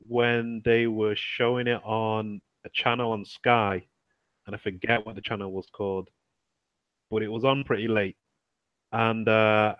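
A man from the UK, co-hosting a podcast and talking in a halting way with many pauses and fillers. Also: on the low side, no echo. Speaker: podcast co-host. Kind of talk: casual chat. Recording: dry, muffled remote mic.

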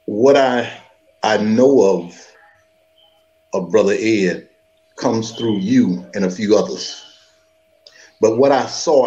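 A man from South Florida, a former college football player, speaking slowly and earnestly as a guest on a call-in chat. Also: mid-range voice, a little mellow, highs cut off. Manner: slow, earnest and heartfelt. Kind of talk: casual chat on a phone call.

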